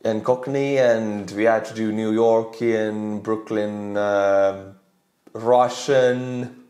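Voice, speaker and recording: Excitable Estonian man in an echoey room. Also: fairly low pitch. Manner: rapid, excitable, laughing asides. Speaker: YouTuber reacting to videos. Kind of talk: reaction commentary. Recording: roomy echo.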